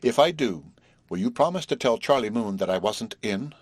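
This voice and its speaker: A man reading the part of a formal, earnest young male prodigy who lectures and bristles, in a husky voice. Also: medium pitch, expressive, moderate pace, no echo.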